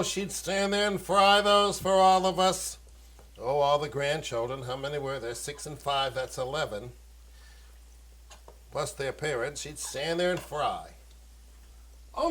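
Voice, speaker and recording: A man's voice: a little high, pushed and bright. A man with a Maine accent hosting a home cooking show, talking fussily to children and breaking into old-fashioned exclamations. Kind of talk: playful cooking demonstration for children. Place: home kitchen.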